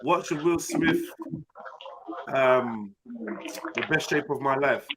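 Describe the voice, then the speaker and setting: A man's voice: medium pitch, takes it slowly. Laid-back British man, noisy line. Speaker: panel host. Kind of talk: casual chat.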